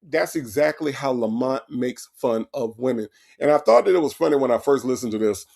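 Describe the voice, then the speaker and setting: A man hosting a casual comedic commentary, animated and talking back to his chat. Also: mid-range voice, brisk, creaky. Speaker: commentary host.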